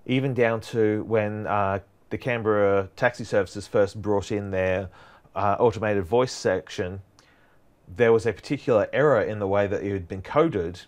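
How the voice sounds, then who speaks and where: A man's voice: on the low side, normal speed. A man giving a prerecorded university lecture, explaining in a loose, conversational way that wanders from point to point.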